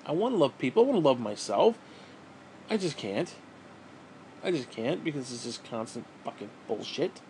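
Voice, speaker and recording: A man's voice: medium pitch, sing-song, moderate pace, pauses often, background noise. A man venting in a bitter, profane, rambling monologue to camera as a vlogger, often restarting his sentences.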